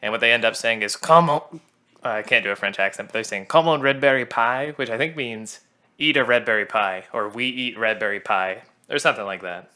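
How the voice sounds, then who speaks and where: Bright-voiced man giving casual commentary. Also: on the low side, fast. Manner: chatty, laughs at his own jokes, self-deprecating. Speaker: songwriter commenting on his own musical.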